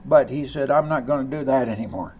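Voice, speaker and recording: A man preaching a sermon, reading scripture aloud and commenting on it, rising to loud emphasis on key lines. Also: medium pitch, brisk, breathy edge, dull audio. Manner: reads scripture aloud and comments between passages.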